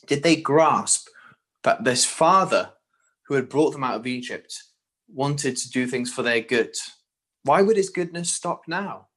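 A man's voice: mid-range voice, animated, measured pace, fairly bright tone. Earnest male preacher asking questions. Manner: earnest, rhetorical questions to listeners. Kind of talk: sermon.

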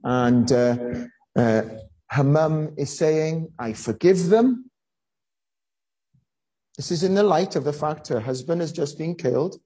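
Preacher, sermon, earnest storytelling, pauses and fillers, mellow tone. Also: medium pitch, poor audio.

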